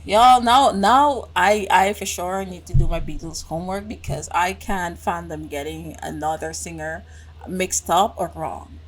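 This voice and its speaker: A woman's voice: on the low side, a little hiss or hum, poor audio. A young woman hosting a casual live-stream reaction, playful and exclaiming as she talks straight to her viewers.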